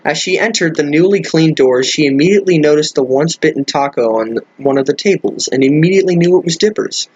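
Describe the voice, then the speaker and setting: Husky-voiced man reading aloud, exasperated. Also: a little high, animated, brisk, hardly any pauses, a little mellow, dull audio. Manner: stumbles over words and breaks in with incredulous, profane remarks. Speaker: comedic reader. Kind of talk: reading a fan fiction aloud with commentary.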